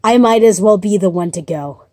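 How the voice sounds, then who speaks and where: A woman voicing a despairing doll girl who turns into a cold killer, speaking flatly and bitterly, in a casual story pitch. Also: normal speed, no echo, clean studio sound, natural voice.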